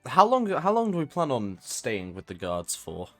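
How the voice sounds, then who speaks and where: Young male player, lively up-and-down pitch, joking, stammers, faint music behind. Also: normal speed. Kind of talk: casual game chat.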